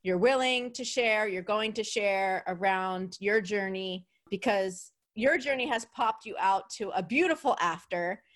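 A woman's voice: mid-range voice, measured pace, hardly any pauses, a bit bright. A woman with a New York accent hosting a podcast interview, chatty and bubbly, laughing often. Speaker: podcast host. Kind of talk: casual interview chat.

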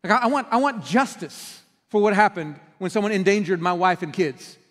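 Pastor, middle-aged man, chatty storytelling sermon with lively acted-out lines, higher voice, long church reverb. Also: brisk. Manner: conversational storytelling with animated quoted outbursts. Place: church sanctuary.

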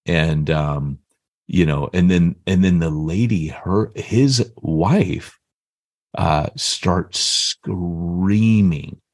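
Deep-voiced fifty-year-old man telling a story. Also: extremely slow, no room sound, studio quality. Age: 50s. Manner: animated, acts out the voices in his story. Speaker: podcast co-host. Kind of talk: casual storytelling.

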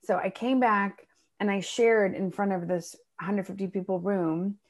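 A middle-aged woman telling a personal story in a casual chat, animated and acting out the voices of people she quotes. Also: mid-range voice, unhurried. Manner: animated, acts out voices in her stories. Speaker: guest.

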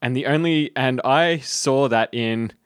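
A man's voice: mid-range voice, a little slow, clear, resonant tone, dry recording. A man co-hosting a podcast in casual chat, telling a story in a wry, dry way. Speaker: podcast co-host.

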